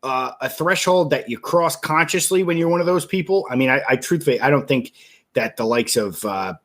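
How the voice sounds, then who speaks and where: A man co-hosting a podcast, telling animated, profane stories and laughing often. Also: mid-range voice, a little fast. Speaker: podcast co-host. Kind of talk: casual chat.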